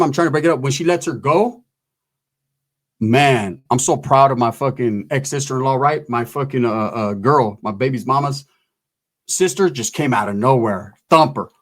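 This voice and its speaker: A man telling a crude, rambling stand-up story, tagging lines with "right?" and acting out other people's voices. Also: on the high side. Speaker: stand-up comedian.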